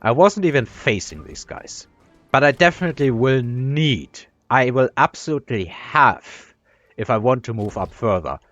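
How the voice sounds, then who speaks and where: A man's voice: medium pitch, expressive, moderate pace, a bit bright, no room sound. A man giving rambling, self-deprecating commentary on his own strategy game match, full of fillers and restarts, talking with his mouth full. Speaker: gaming commentator. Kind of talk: casual gameplay commentary.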